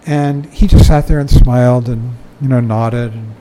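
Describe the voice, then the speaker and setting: Older guy reading a buddhist book aloud and riffing on it, laid-back and warm-toned, mid pitch, laughs a lot. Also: fairly even intonation, a little slow, a little hiss or hum, rough recording. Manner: conversational, chuckling, frequent "you know". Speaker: dharma talk speaker.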